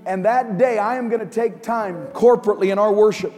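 A man preaching from a church stage, his voice sitting high for a man. He swings from urgent, near-shouted lines down to quiet, hushed ones. Long hall reverb trails each phrase, with music playing under him. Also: fairly quick. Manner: impassioned preaching, rising to near shouts then dropping low. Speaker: pastor. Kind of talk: sermon. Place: large church auditorium.

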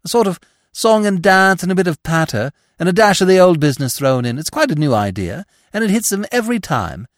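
A man's voice: sits high, very animated, fairly quick, no echo, clean studio sound, voice pushed up. A man voicing a cheeky, slangy young actress. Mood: chatty. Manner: slangy, chatty and impish. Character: brash, lively young actress, cheeky and teasing. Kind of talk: audiobook character reading.

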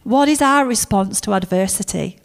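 A woman preaching a sermon, telling stories in a lively way and acting out the characters. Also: mid-range voice, moderate pace, creaky.

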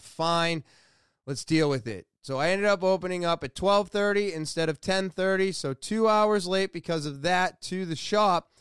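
A male vlogger in his thirties with a fairly high, smooth, clean voice. He rambles through a story in a loose, animated way and swears freely. The sound is dry and close. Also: no echo. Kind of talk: casual storytelling monologue.

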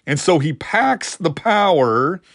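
A man's voice: fairly high pitch, big pitch swings, takes it slowly, fairly bright tone, no echo, studio quality. A man preaching a sermon in an earnest teaching manner, lifting his voice to drive points home. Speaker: pastor.

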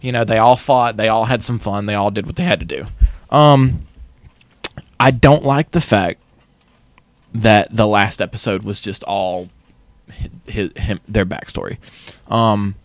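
A man co-hosting a podcast, casually recapping an anime with lively, profane storytelling. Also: on the low side, a little slow, no echo. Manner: animated retelling, acting out characters in funny voices, swears freely. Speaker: podcast co-host.

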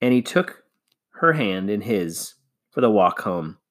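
A man reading a children's novel aloud, measured and expressive. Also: on the low side. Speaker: reader.

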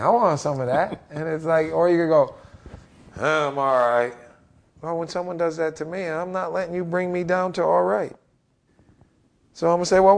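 Gravelly, animated basketball coach in his forties. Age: 40s. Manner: animated, acts out quotes with big pitch jumps. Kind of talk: energetic interview storytelling.

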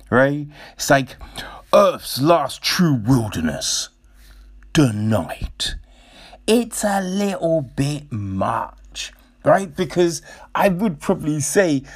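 A man talks through a nature series at an unhurried pace, circling back with fillers and restarts. His voice sits at an ordinary middle pitch. He drifts into casual swearing and jokey asides. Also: fairly bright tone. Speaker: TV show reviewer. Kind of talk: casual review chat.

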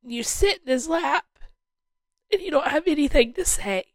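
A woman's voice: high-pitched, expressive, normal speed, no echo, poor audio. A woman hosting a podcast, sharing a heartfelt personal faith testimony in an earnest way and repeating phrases for emphasis. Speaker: podcast host.

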